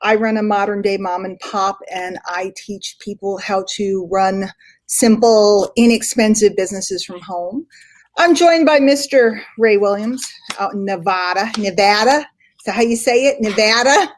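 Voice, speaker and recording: A woman hosting a casual live stream. She chats and thinks out loud, with lots of ums. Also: mid-range voice, measured pace. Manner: chatty, thinks aloud with many fillers. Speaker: host.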